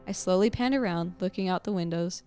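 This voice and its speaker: A woman's voice: fairly low pitch, brisk, faint music behind. Woman host reading a creepy tale. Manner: expressive, suspenseful storytelling. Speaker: podcast host. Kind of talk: reading a creepy story aloud.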